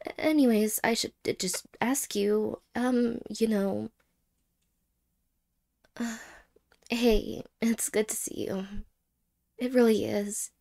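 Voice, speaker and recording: Whispered role-play: a woman plays a wistful, apologetic ex-girlfriend with a fairly high, gravelly voice, halting and soft. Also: fairly even intonation. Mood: tender. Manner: halting, hesitant, soft-spoken with whispered words.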